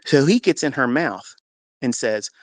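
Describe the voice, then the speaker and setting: A man's voice: medium pitch, expressive, a little slow, no room sound. A man giving an emotional, earnest personal faith testimony in a live audio chat, acting out the dialogue as he tells it. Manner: earnest, emotional storyteller who acts out dialogue. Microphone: personal mic or phone in a live audio room.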